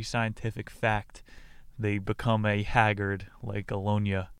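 A man's voice: mid-range voice, clean tone. A young man hosting a show, riffing through a comedic book recap with brash, crude jokes. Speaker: podcast host.

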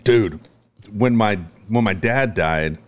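A man's voice: lowish voice, slow. A man co-hosting a casual podcast, blunt and profane, who coaches youth baseball. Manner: blunt, profane, asks offbeat questions. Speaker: co-host.

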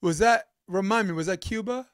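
A man hosting a podcast in casual chat, playful and quick to laugh. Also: sits high, clean tone. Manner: laughs often, playful and lively. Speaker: podcast host.

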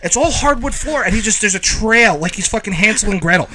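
Podcast guy telling a wild story, high and really bright voice, swears a lot. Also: lively intonation, fast talker, slight background noise, low-quality recording. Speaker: podcast co-host. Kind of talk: casual storytelling chat.

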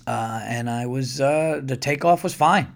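A man's voice: mid-range voice, unhurried, vocal fry. A man hosting a podcast, telling a story in casual monologue, acting out other people's lines and swearing freely. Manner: swears freely, repeats words when excited. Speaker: podcast host.

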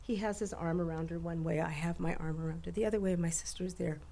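A middle-aged woman telling a personal family story to a listening crowd, acting out relatives in sudden high voices. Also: steady tone, fast talker, creaky, dark tone.

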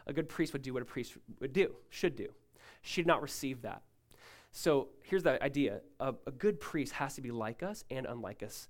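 A male pastor preaching a sermon, emphatic and rising loud, then dropping to a hushed tone, often asking listeners to follow along. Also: medium pitch, brisk. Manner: asks the congregation to follow along.

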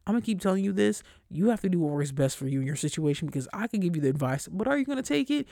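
A young adult host rattles off a casual solo podcast monologue at rapid-fire speed, blunt, slangy and swearing a lot. The voice rises high and loud when agitated, captured in studio quality with no room sound.

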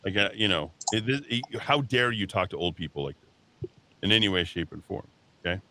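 A man's voice: low-pitched, a little fast, sharp tone, a little hiss or hum. A man hosting a talk radio show, delivering a heated, combative monologue in a radio studio. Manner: combative, heated, mocks callers with put-on voices.

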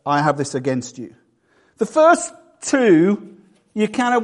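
High-voiced pastor, chatty. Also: male voice, slow pace, long pauses. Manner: chatty and self-mocking, jokes with the congregation; animated, frequent restarts. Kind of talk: sermon. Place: church.

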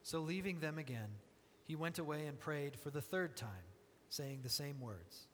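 A man's voice: on the high side, lively intonation, normal speed. Man reading scripture in an echoing hall. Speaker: scripture reader. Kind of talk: liturgical group reading. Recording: hall reverb, faint noise.

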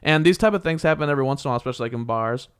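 Young male co-host, casual storyteller, animated and heated, swears freely, ordinary mid pitch. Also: racing, clean tone. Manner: animated, heated storytelling with frequent laughs and profanity. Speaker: podcast co-host.

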